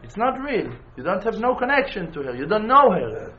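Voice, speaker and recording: Man, religious teacher, animated and repetitive, high lively pitch, slight background hiss. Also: moderate pace, highs cut off. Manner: animated, repeats phrases for emphasis. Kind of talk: informal spiritual lesson.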